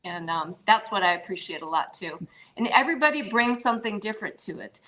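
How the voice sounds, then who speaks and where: A woman's voice: mid-range voice, lively intonation, quick pace, slight background noise, rough recording. An older woman, an actress, chatting as an interview guest from her home over a video call, with frequent fillers and easy laughter. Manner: warm, chatty, laughs often, trails off with fillers. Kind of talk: casual interview chat. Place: home with pets around.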